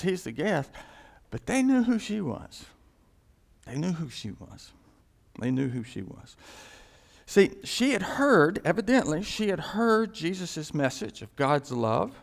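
A man preaching an expository sermon, animated, repeating phrases for emphasis and swinging between loud and soft. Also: on the high side, creaky.

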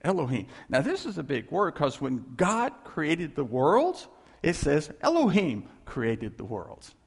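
A man preaching a conversational, animated sermon, full of asides and small laughs. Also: fairly high pitch, unhurried, slightly rough. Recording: echoey hall with long reverb.

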